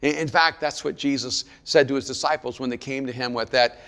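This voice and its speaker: A man preaching a sermon, moving from quiet storytelling to raised, emphatic delivery. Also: mid-range voice, fairly even intonation, fairly quick, big-room sound. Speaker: pastor.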